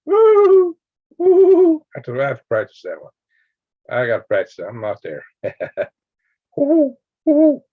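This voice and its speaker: A man's voice: on the low side, expressive, fast, pauses often, husky, no echo. Older man telling a rambling story. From Alabama, US. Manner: rambling storyteller with sound effects and chuckles. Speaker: livestream host. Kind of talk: casual live-stream chat with viewers. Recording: dry, dull lo-fi home stream audio.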